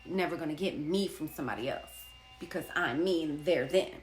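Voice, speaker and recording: A woman's voice: sits low, fairly quick, soft background music. A woman in her thirties, an artist and poet, telling a personal story in a blunt, profane way and hammering her points with repetition. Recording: echoey room.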